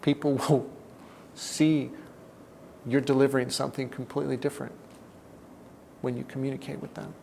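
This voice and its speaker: A man giving a reflective self-help talk, deliberate and often dropping to a soft, low tone. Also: level tone, vocal fry, a little hiss or hum.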